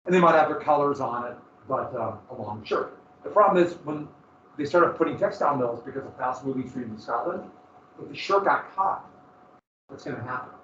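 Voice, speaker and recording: Male teacher, a touch high-voiced, casual and jokey, lecturing from across a roomy classroom on a dull mic. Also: lively intonation, brisk, fairly bright tone, distant mic, a little hiss or hum. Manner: casual, joking, digressive storytelling.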